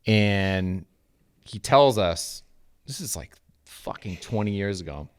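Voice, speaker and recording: A man with a very low, smooth and resonant voice tells a story on a podcast in a loose, animated way, swearing freely as he goes. He sounds like he is in his thirties and chatting among friends. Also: takes it slowly. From New England. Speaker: podcast co-host. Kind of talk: casual storytelling.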